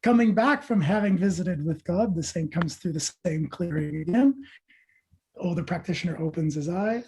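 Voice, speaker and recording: A man, a meditation teacher, telling a spiritual parable as a podcast guest, with lively asides to his listeners. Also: high-pitched, normal speed, creaky, slightly rough.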